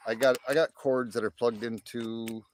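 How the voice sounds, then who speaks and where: A man's voice: mid-range voice, steady tone, normal speed, background noise. A middle-aged man from the United States chats with viewers on a phone live stream beside an outdoor fire pit. He talks in an easygoing, rambling way, full of restarts and fillers. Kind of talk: casual chat reading viewer comments.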